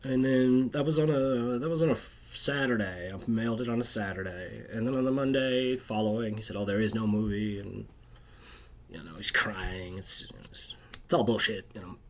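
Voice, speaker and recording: A man's voice: medium pitch, normal speed, slight background noise. A man telling a rambling, bitter personal story to camera, agitated and constantly tagging his sentences with "right?". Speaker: video creator.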